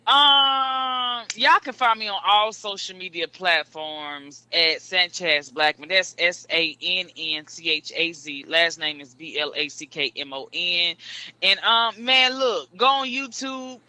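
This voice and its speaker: A man with a high, very bright and forceful voice talks casually as an interview guest. He tells stories in lively, slangy street talk. The sound is dry and close. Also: unhurried, smooth, no echo. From Southern US. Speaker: stand-up comedian guest.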